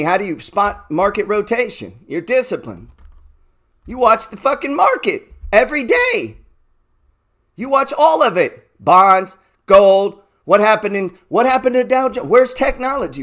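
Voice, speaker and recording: A man giving a trading talk, cursing often and firing rhetorical questions, swinging between loud bursts and low murmurs. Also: very animated, unhurried. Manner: profane, emphatic, rhetorical questions. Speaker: trading educator. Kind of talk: motivational talk.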